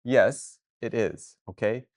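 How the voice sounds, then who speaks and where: A woman chatting casually with her viewers on a live stream, excitable and playful, talking straight to chat. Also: very deep voice, takes it slowly. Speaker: livestreamer.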